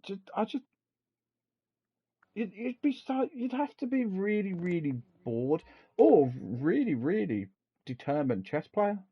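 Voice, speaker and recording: A man's voice: high voice, sing-song, measured pace, slightly rough. A man co-hosting a casual podcast, chatty and rambling, laughing often. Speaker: podcast co-host. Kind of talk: casual chat. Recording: dull lo-fi sound.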